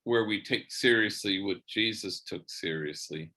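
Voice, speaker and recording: With a lowish voice and a measured pace, a priest recounts a story in a church lecture. His delivery is lively, peppered with bits of Spanish slang.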